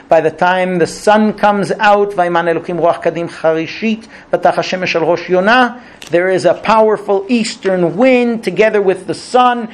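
A man giving a Bible lesson, telling the story animatedly and acting out quotes. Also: sits high. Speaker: Torah teacher.

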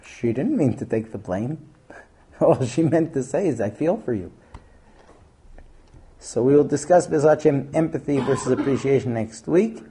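Male class teacher, animated and lively in pitch, dark mellow tone. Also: normal speed, long pauses. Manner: animated, acts out scenes in different voices. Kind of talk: lecture to a class.

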